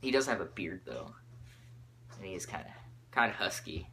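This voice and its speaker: A teenage boy hosting his own podcast, rambling excitably from topic to topic with lots of fillers. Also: low-pitched, moderate pace, vocal fry, slight background noise. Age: teens. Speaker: podcast host.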